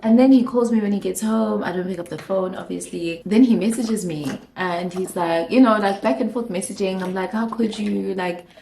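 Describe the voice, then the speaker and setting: A woman's voice: mid-range voice, moderate pace, vocal fry, few pauses, warm tone, a little hiss or hum. Chatty South African young woman, roomy echo. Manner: chatty storyteller, mixes in isiZulu phrases. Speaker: YouTuber. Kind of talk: storytime vlog.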